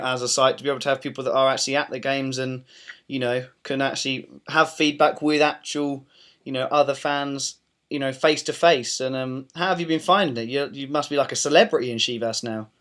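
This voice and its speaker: A man's voice: medium pitch, a bit bright. A British man hosting a podcast, joking, teasing and rambling as he introduces a guest and asks questions. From Britain. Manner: jokey, teasing, rambling with restarts. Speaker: podcast host. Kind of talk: podcast banter and interviewing.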